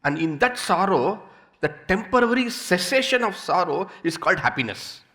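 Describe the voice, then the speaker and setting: A man's voice: sits high, moderate pace. A man with an Indian English accent giving a spiritual discourse, telling everyday stories with playful repetition. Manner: animated storytelling with playful repetition. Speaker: swami, spiritual teacher.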